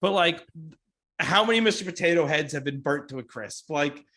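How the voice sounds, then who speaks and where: A man's voice: fairly high pitch, expressive, normal speed, pushed and bright. A man co-hosting a casual movie podcast, wry and contrarian, cracking jokes. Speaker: podcast co-host.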